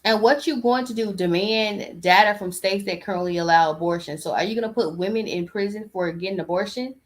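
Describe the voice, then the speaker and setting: A woman's voice: mid-range voice, a little fast. A woman hosting a podcast, giving casual, exasperated reaction commentary. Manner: exasperated, emphatic. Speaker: podcast host.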